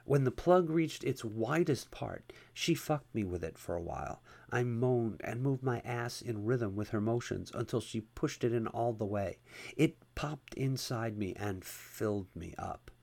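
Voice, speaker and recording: A man reading a first-person erotic story aloud at a steady, unhurried pace. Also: medium pitch, creaky. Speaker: narrator.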